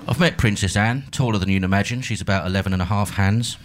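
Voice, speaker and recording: A man's voice: fairly low pitch, fast talker. A middle-aged man doing a stand-up comedy set on a club stage, dry and mock-pompous with sudden bursts of mock outrage. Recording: live gig with clear crowd noise.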